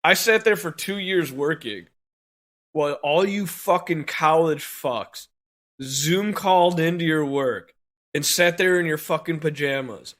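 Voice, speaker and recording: A man with a bright, somewhat high voice co-hosts a podcast in a furious, profane rant. He swears in nearly every sentence and breaks into laughter between outbursts. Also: measured pace. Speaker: podcast co-host.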